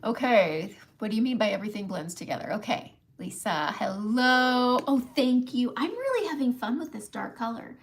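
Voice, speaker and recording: A chatty middle-aged woman hosts a relaxed makeup livestream from home, with a voice pitched a little high. She talks viewers through each step, greets them by name, and laughs easily. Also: normal speed, few pauses. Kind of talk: casual live makeup tutorial.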